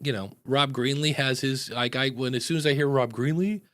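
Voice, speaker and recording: A man's voice: medium pitch, brisk, a bit bright. An American man hosting a podcast, talking casually and rambling with lots of fillers. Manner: rambling, chatty, many fillers. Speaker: podcast host.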